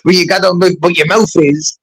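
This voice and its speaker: High-voiced man, loud, rambling panel chatter. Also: fairly even intonation, brisk, slightly rough, no echo, low-quality recording. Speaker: panel guest. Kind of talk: casual live-stream chat.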